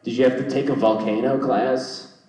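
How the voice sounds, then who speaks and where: A man's voice: medium pitch, fairly even intonation, moderate pace, warm tone, heavy reverb, recorded from a distance, low-quality recording. A young man doing loose crowd work at a comedy show, rambling, swearing and mocking himself. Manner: rambling, swearing, self-deprecating. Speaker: stand-up comedian. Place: comedy club stage.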